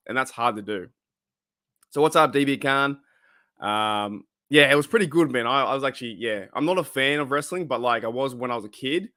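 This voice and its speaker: A man's voice: medium pitch, fairly bright tone, dry recording, clean studio sound. A man with an Australian accent hosting a casual live stream, rambling with lots of fillers as he greets viewers in the chat. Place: his room at home.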